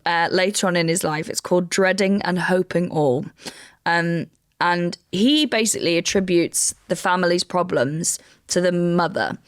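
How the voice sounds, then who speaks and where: Low-voiced woman recounting a true crime case. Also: moderate pace, clean tone. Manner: steady recounting with wry asides. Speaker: comedian co-host. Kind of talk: true crime storytelling on a podcast.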